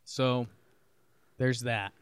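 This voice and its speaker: A man's voice: medium pitch, steady tone, very slow, clean tone, dry recording. A man co-hosting a casual sports podcast, chatty and often restarting his sentences. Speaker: podcast co-host.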